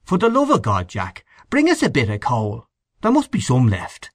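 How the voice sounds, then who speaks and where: For an audiobook reading, a man takes on the role of a contemptuous, indignant middle-aged canvasser who gripes and gossips. His medium-pitched voice swoops wildly up and down at a moderate pace, captured in clean studio sound without echo.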